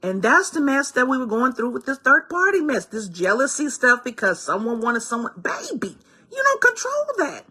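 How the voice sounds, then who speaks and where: A woman's voice: fairly high pitch, expressive, a little fast, few pauses, bright, forceful tone, slightly rough. A woman giving a heartfelt spiritual card reading, talking directly to her listeners with exclamations and tender asides. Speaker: spiritual guide.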